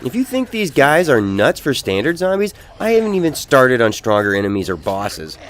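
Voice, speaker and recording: Animated, profane male game reviewer. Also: medium pitch, moderate pace. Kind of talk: comedic game review voice-over.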